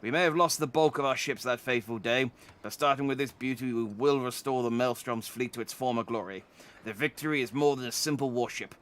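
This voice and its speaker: A man's voice: mid-range voice, a little fast, fairly bright tone, natural voice. A man reading the lines of a stern, proud shipyard master in a stiff, formal, declamatory way.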